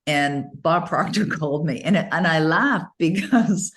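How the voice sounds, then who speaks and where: A middle-aged woman giving an interview, telling stories in a lively way and often laughing as she talks. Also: low voice, a little slow. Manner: animated storytelling, frequent laughs. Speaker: interview guest. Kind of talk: casual interview conversation.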